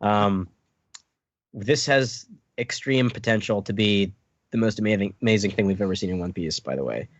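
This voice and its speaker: A man co-hosting a podcast, excitedly recapping a manga chapter and laughing as he reads. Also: fairly low pitch, normal speed, dry recording, muffled recording. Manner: excitable, laughing while reading the story aloud. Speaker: podcast co-host.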